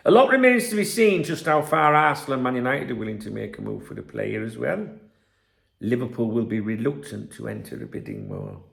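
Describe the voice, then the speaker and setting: A man's voice: medium pitch, huge pitch swings, fairly quick, gravelly, fairly bright tone, roomy sound. A man hosting a football channel, reading news aloud and mocking it in a sweary, sarcastic rant. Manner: mocking, sweary, reads articles aloud and rants. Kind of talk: sarcastic solo commentary.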